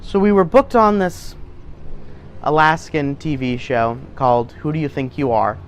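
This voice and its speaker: A man with a notably high voice spins crude, indignant anecdotes. He rambles through his story in an improvised mockumentary-style interview. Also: unhurried, slight background noise. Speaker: comedy troupe performer.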